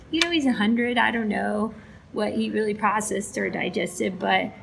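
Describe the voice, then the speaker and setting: A woman's voice: mid-range voice, creaky, a little hiss or hum, rough recording. A woman from Alaska casually retelling stories about veterans, acting out the dialogue. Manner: animated retelling with quoted dialogue. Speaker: storyteller for a veterans' flight charity. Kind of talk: casual spoken storytelling.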